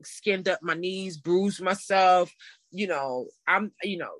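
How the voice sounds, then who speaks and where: A woman in her thirties telling a story in a casual interview, animated and laughing as she acts out what people said. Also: on the low side, takes it slowly, no room sound. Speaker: interview guest.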